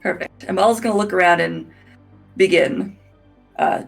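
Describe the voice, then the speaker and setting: Woman player in character, creaky voice, earnest speechy delivery. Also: fairly low pitch, normal speed, long pauses, soft background music. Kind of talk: in-character tabletop role-play.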